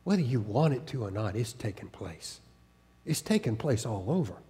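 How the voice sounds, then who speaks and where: A male pastor, raised in the American South and with a faded Southern accent, preaching a sermon in an earnest, halting way full of restarts and repeated words. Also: medium pitch, big pitch swings, warm tone. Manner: earnest, with occasional laughter.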